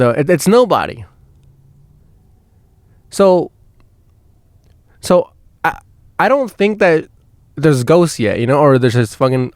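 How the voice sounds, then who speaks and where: A man's voice: mid-range voice, a little mellow, dry recording, studio quality. Rambling, foul-mouthed man telling stories. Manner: rambling, swears a lot, many restarts. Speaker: podcast host. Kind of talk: casual storytelling. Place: inside a van.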